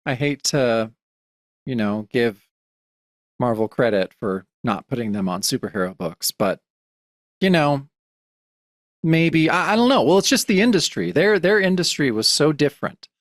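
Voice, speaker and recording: A man's voice: mid-range voice, very animated, normal speed, pauses often, dry recording, clean studio sound. A man co-hosting a podcast about comics, chatting casually and rambling with many restarts. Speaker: podcast co-host.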